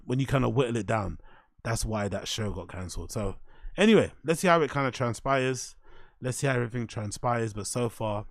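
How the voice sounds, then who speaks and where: A British man hosting a show, giving casual reaction commentary in an animated, slangy way with constant swearing. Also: medium pitch, no echo, studio quality. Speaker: host.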